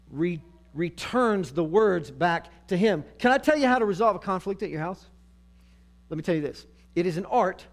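High-voiced man preaching a sermon. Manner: dramatic, swinging from loud emphasis to near-hushed asides. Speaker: pastor.

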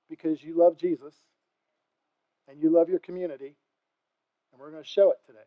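An older man preaching as pastor, impassioned, swinging between quiet talk and loud emphatic calls. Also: high-pitched, highs cut off. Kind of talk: sermon.

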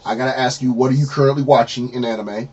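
A man hosting a casual podcast interview, telling stories with lively acted-out quotes and frequent laughter. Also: mid-range voice, fast talker, breathy edge, highs cut off. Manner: animated storyteller, acts out quotes, laughs often. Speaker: podcast host.

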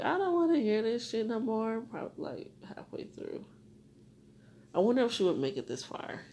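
A young woman hosting a solo podcast, talking to herself and rambling with lots of swearing, dropping to whispers and rising to loud venting. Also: medium pitch. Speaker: podcast host.

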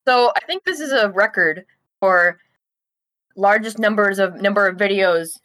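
A woman's voice: medium pitch, a little slow, a bit bright, no room sound, poor audio. Offhand woman podcaster with a dry sound. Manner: offhand, talks while chewing, with frequent ums and restarts. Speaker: podcast co-host. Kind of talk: casual review chat.

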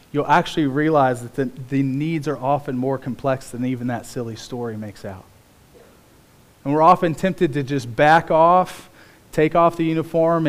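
A man preaching a sermon as pastor, telling stories in an animated way with big swings in pitch.

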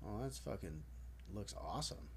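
A man's voice: lowish voice, animated, moderate pace, gravelly, husky. A man hosting a casual live-stream chat, laid-back, swearing casually and laughing often. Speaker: host.

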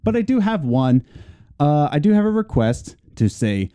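Man co-hosting a laid-back podcast, goofy and teasing, voice slightly high and swinging up and down a lot, soft warm tone. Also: very animated, normal speed, clear, resonant tone. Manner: playful, teasing asides. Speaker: podcast co-host. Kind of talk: casual podcast chat.

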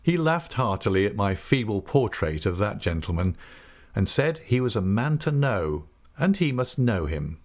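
Male narrator, low and lively, first-person novel reading. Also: moderate pace. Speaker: audiobook narrator.

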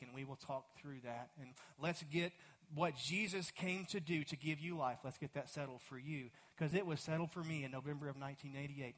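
A man with a Texan accent preaching a sermon as a pastor, swinging from loud emphatic lines to hushed, slow, drawn-out words. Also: fairly high pitch.

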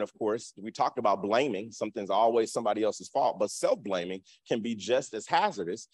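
Guy giving a laid-back lesson, talks like a chat, voice bounces all over when he mimics people. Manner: animated, acts out quoted voices with big pitch swings; colloquial and conversational. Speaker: teacher of a talk series. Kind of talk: casual teaching talk.

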